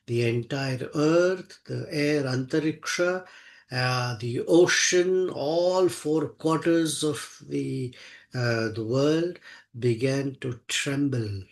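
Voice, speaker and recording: Slow, earnest man retelling scripture. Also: a little high. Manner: chants Sanskrit verses, then explains them in English. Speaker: scripture teacher. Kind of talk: devotional scripture storytelling.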